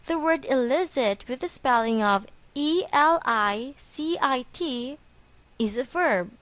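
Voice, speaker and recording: A woman reading a scripted English vocabulary lesson, slow and deliberate, spelling words out letter by letter. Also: high voice, lively intonation, fairly bright tone, dry recording. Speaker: English teacher.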